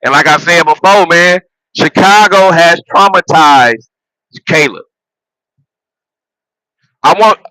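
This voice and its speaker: A sports vlogger and football fan goes on a loose, profane rant, laughing at his own jokes and repeating phrases and restarting as he builds his point. His fairly high voice is bright and forceful, recorded dry and close with no echo or room sound, though the recording is rough.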